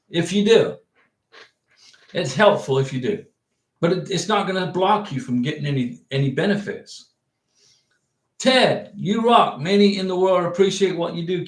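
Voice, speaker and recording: Speaking in a somewhat high voice with a roomy sound, an American man hosts a livestream giving visa advice. He chats casually and answers viewer comments, rambling and repeating his points emphatically.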